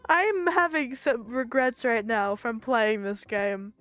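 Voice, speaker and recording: High-voiced woman streamer, dry asides, faint music behind. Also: slow, a bit bright, no echo. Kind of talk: casual game commentary.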